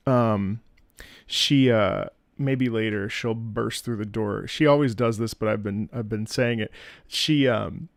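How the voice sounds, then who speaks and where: A man's voice: medium pitch, gravelly, dry recording, studio quality. A man hosting a live music listening stream, chatting casually and animatedly, laughing often between fillers, from his home setup.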